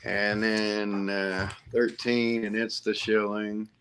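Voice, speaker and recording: A man's voice: on the low side, flat delivery, takes it slowly, fairly bright tone, slight background noise. A man chatting casually on a video call about his comics, rambling with playful teasing. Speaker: comic collector. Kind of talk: casual chat.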